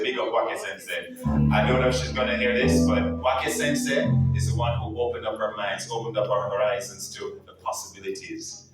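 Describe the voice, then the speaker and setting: Jamaican man, lowish voice, playful and animated onstage storyteller, heard from far off in a roomy hall with loud piano behind. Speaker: guest speaker at an anniversary event. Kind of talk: lively storytelling speech to a live audience. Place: large event hall. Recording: echoey hall, far from the mic. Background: piano playing.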